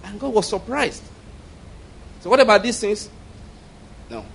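A male preacher delivers a sermon in a high, bright voice. He is animated and humorous, stopping often to check that his listeners are following. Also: a little slow, vocal fry, slight background noise. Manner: humorous, animated storytelling, asks the congregation questions.

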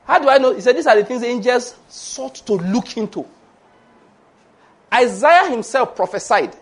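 A man preaching a sermon, animated and humorous, laughing often and acting out the voices he quotes. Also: very high-pitched, normal speed.

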